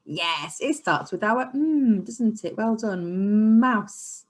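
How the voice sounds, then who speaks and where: A woman teaching a phonics lesson to young children in an encouraging, sing-song way, sometimes dropping to a soft whisper. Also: medium pitch, expressive, slow. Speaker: early years teacher. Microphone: camera she sets up herself.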